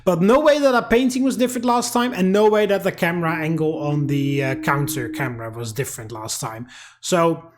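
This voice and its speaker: A man's voice: on the high side, fairly quick. A man giving profane, angry let's-play commentary while ranting at a game. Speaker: gaming YouTuber.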